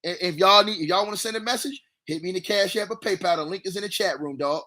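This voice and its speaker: Hyped high-voiced man trash-talking on stream. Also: fast talker. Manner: loud, repetitive, trash-talking. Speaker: livestream sports commentator. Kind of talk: hyped livestream sports talk.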